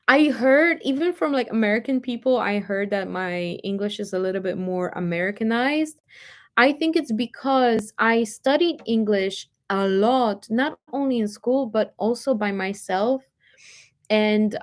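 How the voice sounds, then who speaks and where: A young woman from Poland speaking English with a light Polish accent, chatting casually with viewers and answering their comments, with many fillers. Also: mid-range voice. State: dry throat, coughing. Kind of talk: casual chat.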